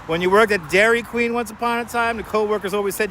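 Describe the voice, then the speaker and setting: A man hosting a live walking stream, talking casually and joking with his viewers as he strolls. His voice sits high for a man. He uses a clip-on wireless mic, with loud traffic and street noise all around. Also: fairly even intonation, fast talker. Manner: chatty and joking, answers viewers by name. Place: outdoors on busy city streets and bridges.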